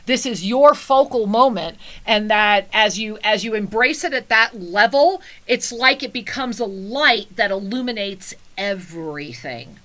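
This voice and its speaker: A woman's voice: mid-range voice, expressive, measured pace, few pauses, pushed and bright. A woman hosting a spiritual call-in radio show, giving soul readings in an effusive, endearing way. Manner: effusive, endearing, calls callers angel and honey.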